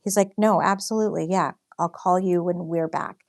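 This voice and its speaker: Low, gravelly-voiced chatty woman. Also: steady tone, normal speed, a little mellow. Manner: chatty storytelling, many fillers, reads out comments. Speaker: livestream host and artist. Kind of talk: casual chat while painting on a livestream.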